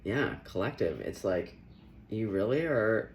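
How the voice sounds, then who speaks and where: A young man gives a loose, joking tarot reading and keeps breaking into laughter. His voice is low with a gravelly edge. His pitch rises and falls widely as he talks. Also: a little slow, a little hiss or hum. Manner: playful, laughing, animated. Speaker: tarot reader. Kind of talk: casual tarot reading vlog.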